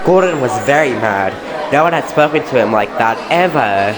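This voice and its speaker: A man's voice: mid-range voice, expressive, moderate pace, crowd noise, low-quality recording. A man narrating a children's-style engine story in a matter-of-fact way.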